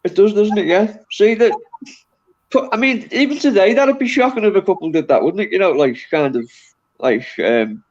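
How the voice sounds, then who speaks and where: A man's voice: sits high, animated, moderate pace, darkish tone, highs cut off. A man hosting a casual chat over a video call, reflective and agreeable, with many fillers.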